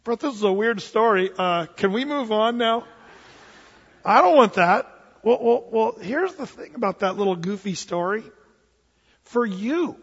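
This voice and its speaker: Husky-voiced preacher in a reverberant hall. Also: male voice, high voice. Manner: storytelling, acts out both sides of a dialogue. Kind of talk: sermon. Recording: dull lo-fi sound with long hall reverb.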